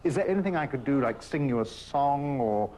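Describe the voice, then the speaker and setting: A man's voice: mid-range voice, lively intonation, brisk, warm tone, poor audio. Playful English man interviewing on location. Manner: playful, teasing and charming. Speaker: documentary presenter.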